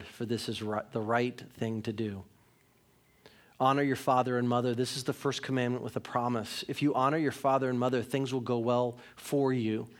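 Pastor in his thirties, frank conversational sermon style, medium-pitched male voice, pokes fun at himself. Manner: conversational, candid storytelling with self-mocking humor.

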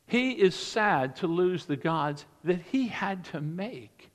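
A man preaching a sermon as a pastor, retelling a scripture story with lively emphasis and dropping to quiet, earnest moments. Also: high voice, slow, few pauses, big-room sound. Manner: animated storytelling preacher, swinging between loud emphasis and quiet earnest passages.

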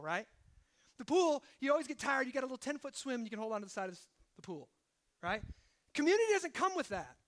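A man preaching a sermon. He swings from hushed, low emphasis to loud, rising exhortation and keeps checking in with "right?". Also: big pitch swings, fast. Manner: asks the congregation rhetorical questions, often adding "right?". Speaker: pastor.

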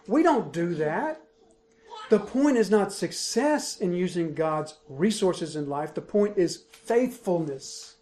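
A man's voice: sits high, a little mellow. A man preaching an expository sermon, emphatic and driving home key points by repeating them. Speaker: pastor.

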